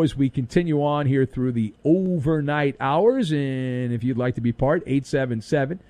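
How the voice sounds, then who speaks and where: A man's voice: medium pitch, normal speed, hardly any pauses, warm tone, no room sound. A man hosting an overnight sports talk radio show, delivering a sarcastic, punchy monologue into a studio microphone.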